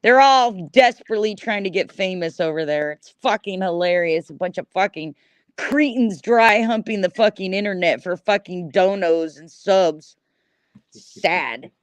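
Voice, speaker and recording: A woman's voice: medium pitch, unhurried, dry recording. A middle-aged woman rants on her livestream, swearing constantly and hammering the same words over and over. Her voice sits in an ordinary middle register. The sound is dry and close, as if spoken right into a desk mic. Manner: profane, repetitive, combative. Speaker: livestream host. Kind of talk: angry ranting livestream chat.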